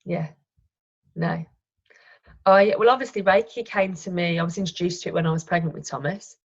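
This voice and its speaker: A woman's voice: on the low side, normal speed, slightly rough, lo-fi sound. A woman, a wellness coach, chatting as a guest in an interview and telling personal stories with many restarts and self-corrections. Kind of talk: casual conversational interview.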